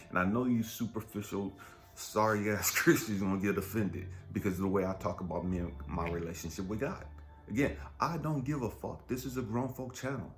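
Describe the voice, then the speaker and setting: A man's voice: on the low side, fairly even intonation, a little fast, faint music behind. A man hosting his own channel, delivering an angry, heavily profane, emphatic rant in a personal monologue. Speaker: channel host.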